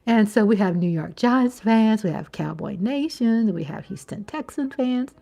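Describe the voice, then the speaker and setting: A middle-aged woman hosting a casual livestream from home, chatting with viewers, reading their comments aloud, laughing often and sometimes dropping into a hushed whisper. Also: fairly high pitch, expressive, normal speed, vocal fry, few pauses. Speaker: livestream host. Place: home, at night.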